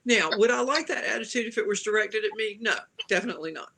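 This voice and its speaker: A woman's voice: mid-range voice, fast, bright, forceful tone, husky. A woman from the American South, a panelist giving opinionated film criticism with wry asides in a casual chat.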